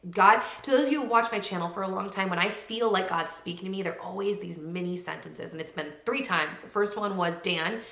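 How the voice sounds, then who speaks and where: A woman's voice: mid-range voice, fairly quick, few pauses, pushed and bright, roomy sound. A young woman talking casually to camera at home in a heartfelt, chatty way, full of likes and ums. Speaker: lifestyle vlogger. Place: home room with hard floors. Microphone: camera mic.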